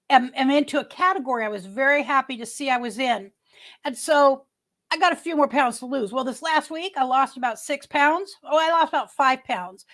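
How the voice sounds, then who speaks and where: A woman's voice: high voice, fairly bright tone. A middle-aged woman hosting a casual livestream, chatting with viewers in a rambling way, restarting her sentences often. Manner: greets viewers by name. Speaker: livestream host. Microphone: webcam.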